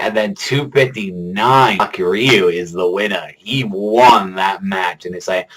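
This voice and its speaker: A man hosting a manga reaction video in excitable, rambling casual commentary, swearing a lot and stacking fillers. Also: on the low side, normal speed, hardly any pauses, poor audio. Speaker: manga reaction channel host.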